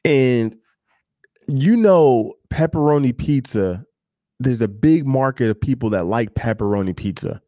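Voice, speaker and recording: With lively intonation but a measured pace, a barber speaks in a dark, mid-range voice, giving frank, casual advice directly to viewers. Fillers and asides run through it, and the studio-quality sound has no room echo.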